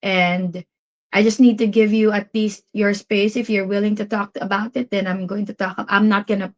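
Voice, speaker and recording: A woman's voice: mid-range voice, flat delivery, normal speed. A woman from the Philippines with a Filipino accent, co-hosting a live Q&A stream and speaking thoughtfully, sometimes searching for words. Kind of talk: casual live-stream chat. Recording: dull lo-fi stream audio.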